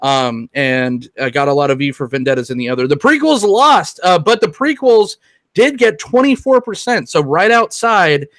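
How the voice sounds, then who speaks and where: A man's voice: fairly high pitch, animated, normal speed, a bit bright, no room sound. A man co-hosting a casual podcast chat, rambling with many restarts. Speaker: podcast co-host.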